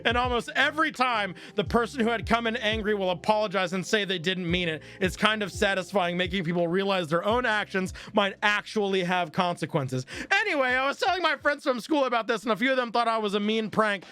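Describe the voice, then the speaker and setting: A man's voice: high-pitched, fairly quick, hardly any pauses, clean tone, soft background music. A man hosting a stream, reading online posts aloud and reacting with profanity and laughter. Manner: profane, animated, laughs a lot. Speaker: streamer host.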